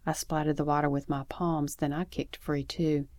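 A woman with a notably low voice narrates a first-person story at a calm, measured pace. Her reading is steady, and the close recording is dry, with no room sound around her. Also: no room sound. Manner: calm, measured storytelling with lively acted dialogue. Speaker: audiobook narrator.

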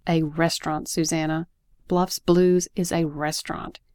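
A woman reading her own story aloud, expressive and lively, with asides. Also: deep voice, measured pace, smooth, no room sound, clean studio sound.

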